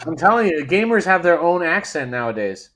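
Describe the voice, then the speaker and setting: A man's voice: fairly high pitch, very animated, fairly bright tone. A man from England, co-hosting a podcast in casual, playful banter. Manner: playful, teasing, quick to joke. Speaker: podcast co-host.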